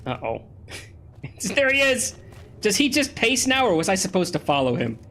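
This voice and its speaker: A man gives chatty, excitable commentary as he plays through a video game. His voice swings widely in pitch and sits a bit higher than most men's. He is a little under the weather, and faint noise runs behind him. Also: unhurried. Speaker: let's play host. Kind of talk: casual gameplay commentary.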